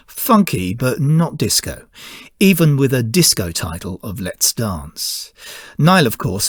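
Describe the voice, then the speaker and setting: A man hosting a music podcast, reading scripted narration in a measured, informative way. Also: medium pitch, slightly rough, no echo, clean studio sound. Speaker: podcast host.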